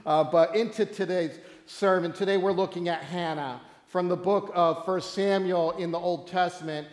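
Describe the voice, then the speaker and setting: A man's voice: high-pitched, steady tone, normal speed. A man preaching a sermon as pastor, reading scripture and talking casually with frequent "okay?" check-ins. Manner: casual, joking asides with many okays. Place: church sanctuary. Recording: echoey hall.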